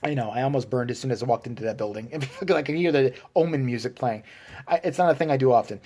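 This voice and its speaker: A man's voice: medium pitch, fast talker, dark tone. A man from Chicago, a vlogger telling a story as a profane, exasperated rant and acting out other people's lines. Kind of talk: ranting storytelling.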